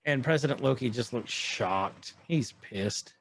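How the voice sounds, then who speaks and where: A man co-hosting a podcast, chatting casually and excitedly as he recaps scenes from a show he keeps pausing. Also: mid-range voice, slight background noise. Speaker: podcast co-host. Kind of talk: casual chat recapping an episode.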